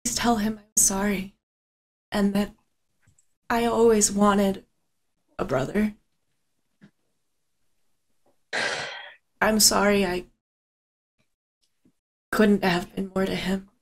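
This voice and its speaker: A woman's voice: medium pitch, level tone, slow, pauses often. A woman whispering as a dying young woman, whispered role-play. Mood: tender, sorrowful. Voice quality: soft, quiet, near-whispered.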